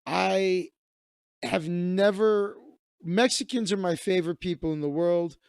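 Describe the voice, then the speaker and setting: A man's voice: high voice, unhurried, creaky, a little mellow, clear, resonant tone, no room sound, clean studio sound. Profane, rambling comedian in his thirties. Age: 30s. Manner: profane, rambling, self-interrupting. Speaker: comedian and magician hosting a livestream. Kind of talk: casual comedic rant.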